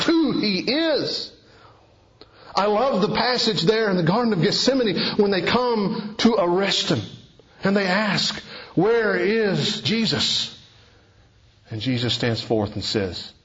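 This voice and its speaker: Guy preaching a sermon, kinda high voice, goes big then drops real quiet, dull lo-fi sound. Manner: wide swings between soaring emphasis and hushed low passages. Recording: dull lo-fi recording.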